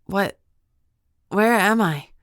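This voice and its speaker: A woman's voice: medium pitch, drawn-out words, fairly bright tone, no echo, studio quality, voice pushed up. A woman voicing a young witch heroine in an audiobook, asking urgent, clipped questions. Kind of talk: audiobook character voice.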